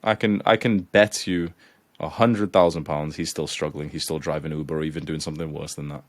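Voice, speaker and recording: Low-voiced man lecturing casually. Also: fairly even intonation, fairly quick, dry recording. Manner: casual, heavy with fillers, grows heated and swears. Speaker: coach lecturing students. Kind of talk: live lecture.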